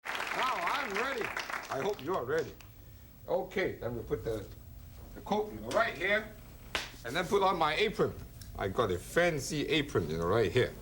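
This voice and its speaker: A man's voice: mid-range voice, big pitch swings, moderate pace, a crowd in the background. A man hosting a cooking show, joking and chatting playfully while he demonstrates. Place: studio kitchen. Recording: kitchen clatter and chopping noise.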